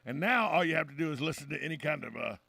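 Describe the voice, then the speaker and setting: A man hosting a morning talk radio show, chatting in a brisk, folksy, opinionated way. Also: on the high side, lively intonation, creaky, bright, forceful tone, no room sound. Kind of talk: casual radio chat. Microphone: studio microphone.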